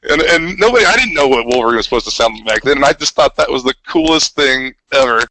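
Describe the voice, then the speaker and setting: A man's voice: medium pitch, expressive, quick pace, sharp tone, a little hiss or hum, poor audio. A man in his thirties co-hosting a casual podcast, telling stories with enthusiasm. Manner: enthusiastic, nostalgic storyteller. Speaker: podcast co-host. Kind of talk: casual chat.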